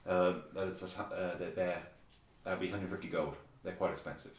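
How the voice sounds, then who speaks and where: A man's voice: low voice, steady tone, moderate pace, far from the mic. A man playing a tabletop game, rambling and fussing in character as a band's manager. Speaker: player. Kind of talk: in-character tabletop role-play. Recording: echoey room, faint noise.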